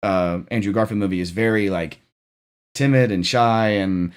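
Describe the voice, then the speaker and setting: A man with a fairly low voice talks through a film in a loose, easygoing way. He hosts the chat, drifting between thoughts, restarting sentences and leaning on fillers as he goes. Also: moderate pace, smooth. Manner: relaxed, rambling with many fillers and restarts. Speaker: channel host. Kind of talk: casual movie discussion.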